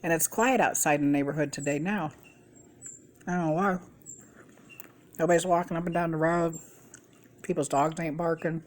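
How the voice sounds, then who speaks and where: A woman's voice: sits low, fairly even intonation, moderate pace, long pauses, darkish tone. A middle-aged woman vlogger telling a rambling, gossipy story in a casual way, swearing freely. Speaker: mukbang vlogger.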